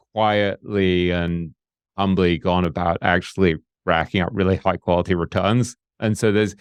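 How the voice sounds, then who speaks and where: A man hosts a podcast in a deep, resonant voice, framing his questions in a measured, reflective way. The recording is dry and close-miked, with no reverb around him. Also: smooth. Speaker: podcast host. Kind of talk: conversational podcast interview.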